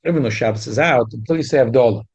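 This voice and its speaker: A man's voice: medium pitch, racing, a little mellow, slightly rough, highs cut off. A man teaching a Talmud class, with stumbling restarts and sudden emphatic rises. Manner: frequent stumbling restarts, rising emphatic jumps. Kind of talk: Talmud lesson.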